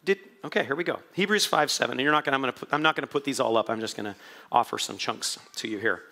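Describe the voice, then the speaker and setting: A man preaching a sermon to a congregation, swinging from quiet asides to loud, impassioned moments. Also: mid-range voice, rapid-fire. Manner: animated, swings from quiet asides to shouted prayers. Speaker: pastor.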